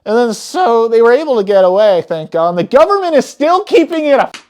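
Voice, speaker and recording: A woman giving a casual, spoiler-filled movie recap, excitable and swearing often, who breaks off her phrases mid-thought. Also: fairly high pitch, a little fast. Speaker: movie reviewer.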